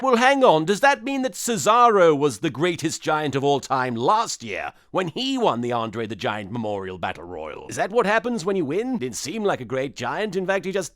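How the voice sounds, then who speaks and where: A man narrating a satirical comedy recap, full of sarcastic, deadpan asides. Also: a little high, normal speed, few pauses, no room sound. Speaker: host.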